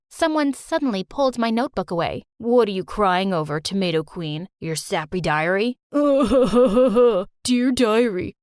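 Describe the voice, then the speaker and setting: Bright-voiced woman narrating a storytime. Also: on the high side, no echo, clean studio sound. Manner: lively, expressive. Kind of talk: first-person storytime narration.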